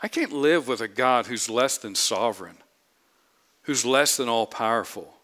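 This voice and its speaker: A man's voice: medium pitch, unhurried, a bit bright. A man preaching a sermon, emphatic, repeating phrases and asking the congregation rhetorical questions. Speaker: pastor.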